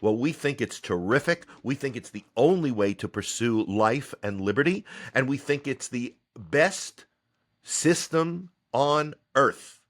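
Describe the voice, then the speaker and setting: An American man talks alone into the mic as host of his own podcast. He speaks at an ordinary, mid-range pitch. He loses his thread, jokes at his own expense and slips in dry, sarcastic remarks. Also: lively intonation, a little slow. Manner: rambling, self-deprecating with sarcastic asides. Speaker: podcast host and theater company head. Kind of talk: solo podcast monologue.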